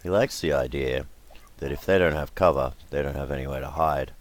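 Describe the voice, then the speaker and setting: A man playing a tabletop game, deliberately describing his character's actions in the third person. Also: a bass voice. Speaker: player.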